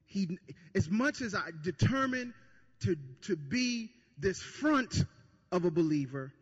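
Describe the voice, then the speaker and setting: Husky high-voiced preacher in a reverberant hall. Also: male voice, expressive, slow pace. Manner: repetitive emphatic preaching, stammered restarts. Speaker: pastor. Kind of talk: sermon. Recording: long reverb, dull lo-fi sound.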